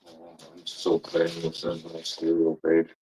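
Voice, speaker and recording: A man's voice: deep voice, completely flat delivery, unhurried, warm tone, a little hiss or hum, poor audio. A man telling rambling, profane stories in a casual monologue, laughing as he goes. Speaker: livestream chatter.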